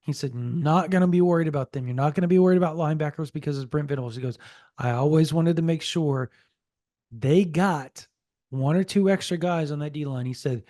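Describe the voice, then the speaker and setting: A man co-hosting a sports podcast, telling a story in a casual, animated way and relaying a source's quotes. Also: on the high side, fairly quick, dry recording, studio quality. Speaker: podcast co-host.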